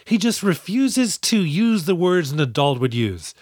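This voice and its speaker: A man co-hosting a podcast, recapping an action movie in casual chat and slipping into quick mock voices. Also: high voice, very animated, dry recording, studio quality. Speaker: podcast co-host.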